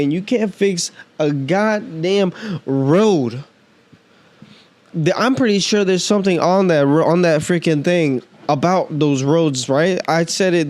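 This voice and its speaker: Man, podcast host, casual rant, heated and profane, slangy, slightly high voice, dry close sound. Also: a little mellow, no room sound. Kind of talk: casual ranting monologue.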